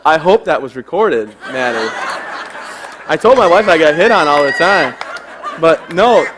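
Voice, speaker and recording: A young man delivers a humorous talk from a stage, his voice sitting a little high for a man. He tells stories in a joking, self-deprecating way. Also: expressive, a little slow, a crowd in the background, noisy background. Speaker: keynote speaker. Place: stage before a live audience.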